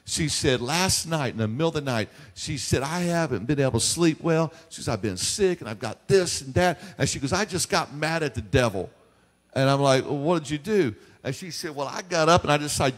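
A man preaching a sermon as pastor, moving between quiet storytelling and loud preaching in a church. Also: fairly high pitch, normal speed. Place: church sanctuary. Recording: long church hall reverb.

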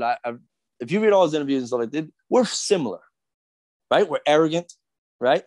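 A man's voice: on the high side, darkish tone, dry recording. A middle-aged man from Philadelphia, a podcast guest ranting in a profane, agitated, rambling way with many restarts. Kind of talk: heated podcast rant.

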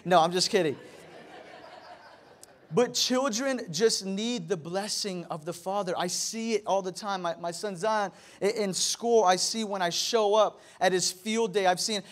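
A pastor in his thirties delivers a sermon in a notably high voice for a man. He tells his stories animatedly and often repeats words as he goes. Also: moderate pace. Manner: animated storytelling with repetitions.

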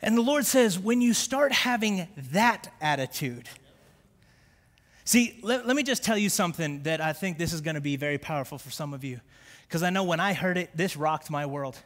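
Male preacher, high voice, fervent sermon delivery that swings between loud and intimate, church sanctuary with long echo. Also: animated, normal speed. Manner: impassioned, swings from shouted prayer to quiet confiding. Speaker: pastor. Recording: long hall reverb from a church.

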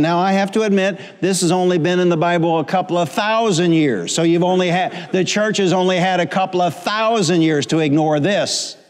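Middle-aged preacher guy, bit high voice, loud church echo, jokey and repetitive. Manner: preaching with humor and repetition, calls for audience responses. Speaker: pastor. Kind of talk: sermon. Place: church sanctuary. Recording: long church hall reverb.

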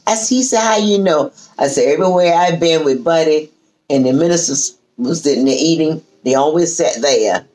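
A storyteller guest, this older woman speaks in a low voice on a low-quality recording. Chatting casually, she relates a family story in a lively, drawn-out way, performing the lines of the relatives she quotes.

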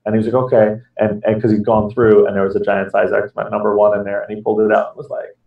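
A low-voiced man chats loosely as an interview guest, circling through his stories with plenty of fillers and restarts. His voice comes from a bit off the mic. It sounds muffled and lo-fi. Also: monotone, fast talker, vocal fry. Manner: rambling storyteller, many fillers and restarts. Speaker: comics writer guest. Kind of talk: casual interview chat. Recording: echoey, distant, dull lo-fi audio.

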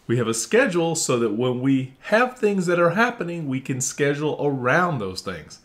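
A man talking alone to camera in a casual, blunt monologue, animated and swearing at times. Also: on the high side, normal speed. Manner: animated, mimics others in quoted voices, swears; frustrated and blunt when venting. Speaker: vlogger.

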